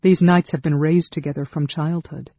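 A woman's voice: deep voice, steady tone, normal speed, mellow, slightly rough, no room sound, highs cut off. A narrator voicing Sarah, a tense, earnest woman who speaks with urgency. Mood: urgent.

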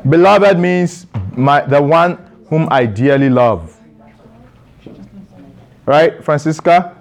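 A man's voice: a little high, slow, creaky. A man preaching a sermon to a congregation in a church, asking rhetorical questions and calling for responses.

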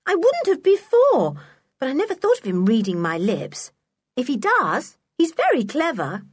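A woman reading a storybook, voicing an indignant young girl in a high voice. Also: wildly swooping pitch, normal speed, breathy edge, no room sound, studio quality, full character voice.

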